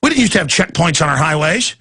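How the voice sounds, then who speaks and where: A middle-aged man hosting a radio talk show, ranting emphatically and at times shouting. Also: a little high, expressive, quick pace, breathy edge. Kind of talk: impassioned talk radio monologue.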